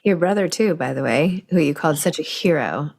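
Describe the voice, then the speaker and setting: A woman hosting an interview, asking short, gentle follow-up questions. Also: low voice, animated, fairly quick, vocal fry. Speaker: interviewer, host. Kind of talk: casual interview.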